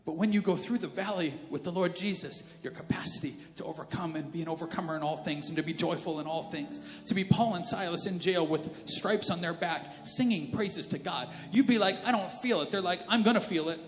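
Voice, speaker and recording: A male pastor preaches with a slightly raised pitch, shifting between chatty asides and earnest appeals. His voice carries through a big church hall with a long echo and faint music beneath it. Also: fairly quick, few pauses. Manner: conversational and animated, slips into character voices. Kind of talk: sermon.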